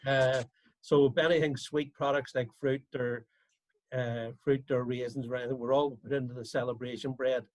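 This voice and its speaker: Baker explaining on a call. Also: male voice, mid-range voice, moderate pace, no room sound, rough recording. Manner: steady, explanatory, with fillers. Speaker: bakery guest. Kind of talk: casual chat on a video call. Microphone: video call.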